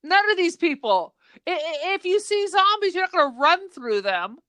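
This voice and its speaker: A woman's voice: very high-pitched, sing-song, moderate pace, fairly bright tone, no echo. A woman co-hosting a podcast, reacting to a movie in an exasperated, emphatic way. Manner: exasperated, emphatic, laughs often. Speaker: podcast co-host. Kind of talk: casual movie-review chat.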